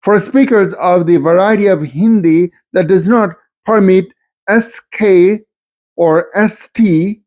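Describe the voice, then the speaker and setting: Mellow-voiced male lecturer, explanatory. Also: sits high. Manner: explanatory, measured, stops to give spoken examples. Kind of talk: recorded lecture on English varieties.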